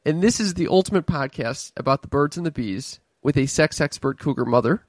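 A man's voice: fairly high pitch, expressive, fairly quick, no room sound. A young man with a Chicago accent, a stand-up comic co-hosting a casual podcast, joking and self-deprecating.

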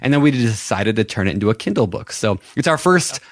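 A man's voice: fairly low pitch, very animated, brisk, no echo, studio quality. A man co-hosting a podcast, chatting casually in an upbeat, promotional way. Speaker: podcast co-host.

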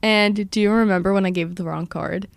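A woman in her twenties hosting a podcast, telling a story in a fast, animated way and acting out the quotes. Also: medium pitch, vocal fry, no room sound. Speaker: podcast host. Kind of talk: casual storytelling chat.

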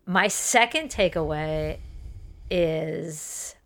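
A woman co-hosting a podcast, originally from Southern California, with a slight Southern lilt, talking in a lively way with quick asides. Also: deep voice. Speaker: podcast co-host. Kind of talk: casual podcast chat.

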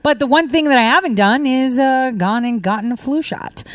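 A woman's voice: sits high, moderate pace, dry recording. Woman ranting at the news, sarcastic, scoffs a lot, dry close sound. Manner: sarcastic, ranting, laughs in scorn. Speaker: commentary video host. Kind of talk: casual monologue reacting to news clips.

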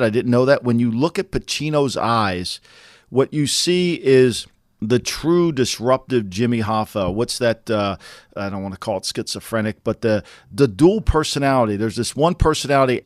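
A man's voice: mid-range voice, no room sound, clean studio sound. Rambling man in casual sports chat. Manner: rambling, repeats and restarts, swears. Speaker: podcast co-host.

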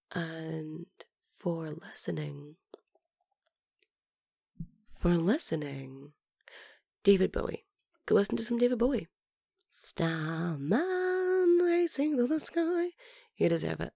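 Sick gravelly lady podcaster, lowish dark voice, chatty w lots of "like", dry close mic. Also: no room sound. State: sick, hoarse. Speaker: podcast host. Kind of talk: casual storytelling.

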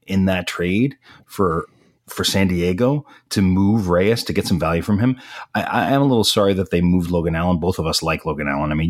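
A man co-hosting a podcast in casual chat, animated and slipping into quick impressions of other people. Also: deep voice. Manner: animated, mimics people mid-story. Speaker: podcast co-host.

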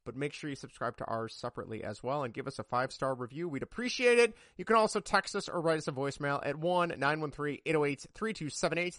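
A man's voice: on the high side, animated, fast, hardly any pauses, fairly bright tone, no room sound, studio quality. A man co-hosting a casual sports podcast, rambling and joking, often laughing at himself. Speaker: podcast co-host.

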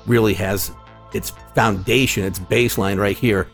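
A man co-hosting a music podcast, talking in a relaxed, chatty way with fillers. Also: lowish voice, moderate pace, creaky. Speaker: podcast co-host. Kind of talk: casual music podcast chat.

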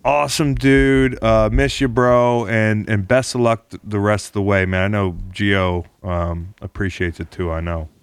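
Podcast host guy, lowish voice, dry sound, teasing and jokey. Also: steady tone, measured pace, hardly any pauses, clear, resonant tone, no room sound. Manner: joking, teasing, lots of restarts. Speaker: podcast host and former football player. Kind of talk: casual podcast chat.

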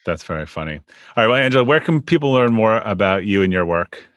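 A man hosting a podcast interview in a relaxed, casual way. He often stumbles and repeats words as he starts a sentence. His voice is low and the sound is dry and close. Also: fast, no echo. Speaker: podcast host.

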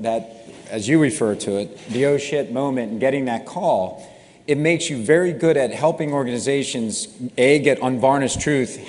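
Middle-aged man, security founder, easy explanatory delivery, wry humor, recorded in a reverberant space. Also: mid-range voice. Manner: relaxed, explanatory, self-deprecating humor. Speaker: cybersecurity company founder. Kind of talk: interview answers.

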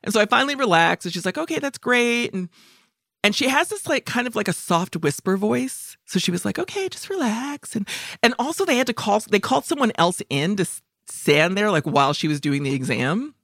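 Woman in her forties, profane storyteller, lively pitch, bright tone, dry sound. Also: brisk, creaky, no room sound. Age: 40s. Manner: profane, animated, acts out other people's lines. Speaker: podcast co-host. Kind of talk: casual comedic storytelling.

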